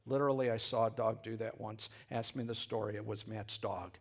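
A man preaching a sermon in a conversational way, often restarting phrases and now and then breaking into loud shouted lines. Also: fairly low pitch, steady tone, fairly quick. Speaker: pastor.

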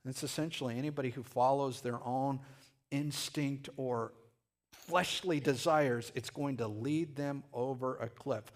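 A man delivering a sermon in a loose, conversational way, repeating and restarting his words as he goes. His voice sits at an ordinary middle pitch, and he jumps to a loud shout when he acts out a scene. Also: measured pace. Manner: conversational preaching with frequent restarts and sudden shouted asides. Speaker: pastor.

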